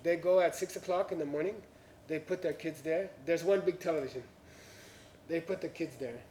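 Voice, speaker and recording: A man's voice: a little high, brisk, dark tone, a little hiss or hum. A man telling an anecdote to an audience in non-native English, chuckling through his punchlines. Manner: chuckles through punchlines, with frequent "you know" and "uh". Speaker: speaker telling a story to an audience. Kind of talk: anecdotal storytelling talk. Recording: roomy, from a distance.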